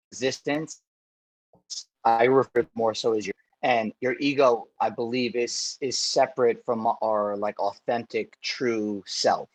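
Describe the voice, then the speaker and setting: A man's voice: mid-range voice, poor audio. A man who hosts the interview and coaches clients, speaking reflectively and searching for his words. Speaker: host and fitness coach. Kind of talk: summit interview conversation.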